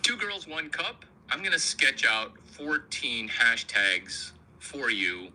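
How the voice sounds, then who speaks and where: A man riffs through a comic monologue at a slow, deliberate pace. His voice is pressed and forceful, with a sharp edge. He stays provocative and crude, often turning the joke on himself. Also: mid-range voice, sing-song, a little hiss or hum, low-quality recording. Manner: provocative, crude, self-mocking. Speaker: comedian host.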